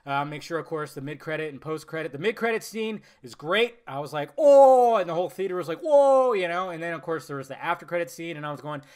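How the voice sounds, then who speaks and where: A man giving a casual, blunt film review, swearing freely and talking in an animated way. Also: fairly high pitch, fast talker, few pauses.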